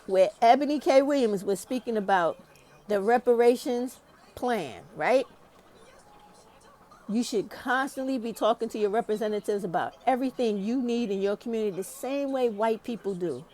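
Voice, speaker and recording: A woman's voice: a little high, animated, normal speed, dark tone. Profane, ranting woman. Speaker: YouTube commentator. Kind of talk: heated opinion monologue.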